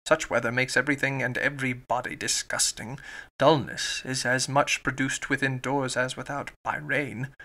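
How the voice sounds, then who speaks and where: A man reading as a sour grumbling gentleman. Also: medium pitch, steady tone, normal speed.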